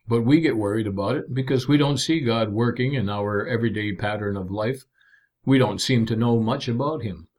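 A man preaching a sermon in an earnest, measured way, with emphatic asides to the congregation. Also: mid-range voice, darkish tone.

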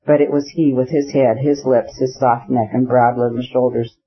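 A man narrating a classic novel as an audiobook in an even, measured reading voice; the recording is slightly muffled. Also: mid-range voice, husky.

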